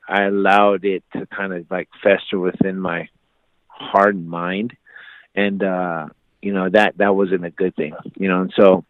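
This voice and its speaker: A man's voice: low voice, dry recording. A man in his forties, a podcast guest, telling a story in a casual interview and acting out the voices of the people in it. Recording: dry phone-like line.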